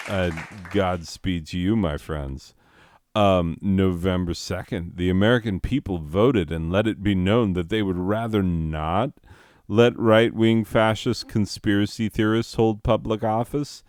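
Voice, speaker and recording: A man's voice: low voice, a little mellow, clean tone, no echo, studio quality. A man doing profane, sardonic stand-up comedy, ranting about the news of the year.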